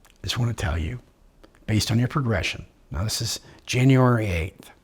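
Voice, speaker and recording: A man's voice: on the low side, lively intonation, normal speed, slightly rough. A man telling his own story in an interview, upbeat and joking, acting out what others said to him. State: living with terminal illness. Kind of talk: personal storytelling.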